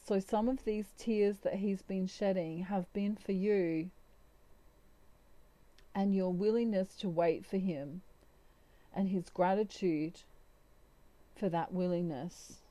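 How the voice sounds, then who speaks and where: Slow, mellow-voiced woman tarot reader. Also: medium pitch, fairly even intonation, no echo. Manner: slow, soft, emotional, hesitant. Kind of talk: spiritual channeled reading.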